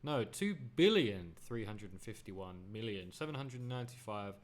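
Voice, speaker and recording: A man's voice: fairly low pitch, sing-song, normal speed. A man teaching a song on the piano in a casual, chatty way, correcting himself as he goes. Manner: chatty, self-correcting, half-sings the lyrics while playing. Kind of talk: casual music lesson. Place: home studio with piano. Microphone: studio USB microphone. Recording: loud piano under the voice. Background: loud piano playing.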